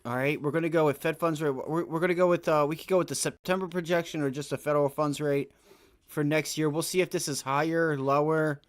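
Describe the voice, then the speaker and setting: A man hosting a live day trading stream, giving loose, slangy market commentary that swells into loud rants. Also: a little high, steady tone, fairly quick. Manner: casual slangy talk that rises to loud rants. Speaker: day trading livestream host.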